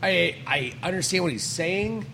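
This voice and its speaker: A man with a slightly high voice talks sports on a podcast, firm and opinionated, tossing in short agreements. Faint background noise sits under his voice. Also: lively intonation, moderate pace, creaky, sharp tone. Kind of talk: casual sports chat.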